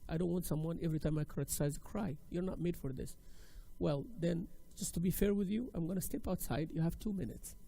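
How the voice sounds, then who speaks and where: A man's voice: fairly high pitch, fairly quick, creaky, warm tone. A man voicing a stern, demanding boss who bluntly dismisses a job applicant in an interview.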